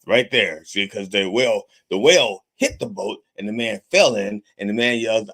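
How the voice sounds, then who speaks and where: A man hosts a podcast as a mock reverend, cursing freely through a comedic monologue. His pitch rises and falls with animation, and he keeps checking in with the listener by asking okay. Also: expressive, normal speed, creaky, few pauses, a bit bright, husky. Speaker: podcast host styled as a reverend.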